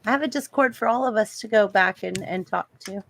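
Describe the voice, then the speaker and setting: Host, mid-pitched, chatty and animated, laughs easily. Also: brisk, vocal fry. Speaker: panel host. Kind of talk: casual panel chat.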